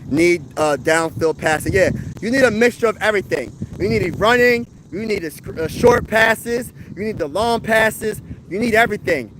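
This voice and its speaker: A high-pitched young man from Pennsylvania riffs on football in loose, slangy chat. He fires off rhetorical questions and keeps an easy, animated flow. A faint hum sits beneath his voice. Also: moderate pace, hardly any pauses. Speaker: sports talk livestream host. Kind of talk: casual live chat reading viewer comments.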